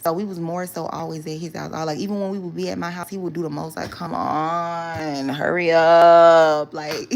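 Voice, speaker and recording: A young woman spins a long personal story for her viewers, leaning on slang, fillers and "right?" tags. Her voice sits low and carries a gravelly fry. A faint background hiss runs under it. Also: flat delivery, racing, few pauses, darkish tone. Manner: chatty, loose slang, many fillers and "right?" asides. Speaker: storytime vlogger.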